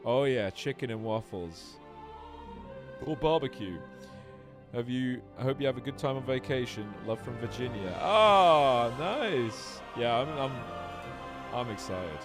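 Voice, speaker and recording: A man's voice: medium pitch, expressive, unhurried. A man livestreaming a game, chatting with viewers in a profane, theatrical way with mock-lordly outbursts. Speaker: voice actor streaming a game. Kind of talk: casual livestream chat. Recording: stream with game music behind.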